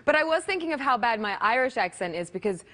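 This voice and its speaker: A woman appears as a talk show guest and tells a joke, laughing at herself along the way. Her voice is mid-pitched and jumps around a lot. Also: very animated, fast, a bit bright. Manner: giggly, self-deprecating.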